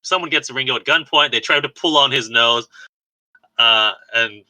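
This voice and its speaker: A man's voice: mid-range voice, moderate pace, pushed and bright, low-quality recording. A man co-hosting a podcast, casually recapping a movie scene by scene with lots of fillers and laughs. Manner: rambling, laughs often, lots of "like" and restarts. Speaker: podcast co-host. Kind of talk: casual chat recapping a film.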